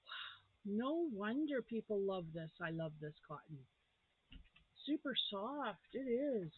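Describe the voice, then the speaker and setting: Unboxing crochet gifts, this woman vlogger gushes and gasps happily in casual chatter, her fairly high voice recorded with no room sound but a tinny, phone-like quality.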